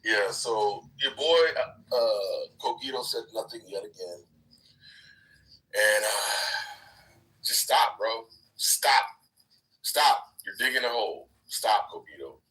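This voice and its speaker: Speaking slowly and sitting far from the mic, a man in an online voice chat room argues in a heated live debate, scolding and repeating himself as he swings from low muttering to loud outbursts. The audio is poor.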